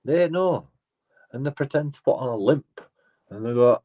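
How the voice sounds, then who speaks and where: A man's voice: mid-range voice, animated, normal speed, mellow, dull audio. A man rambling casually in a profane, repetitive monologue, restarting his phrases as he talks. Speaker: auditor vlogger.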